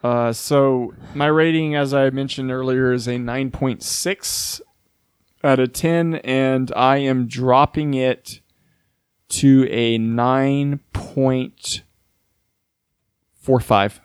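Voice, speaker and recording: A man co-hosting a casual podcast chat, explaining his views in a measured way. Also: mid-range voice, fairly even intonation, clear, resonant tone, dry recording, studio quality. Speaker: podcast co-host.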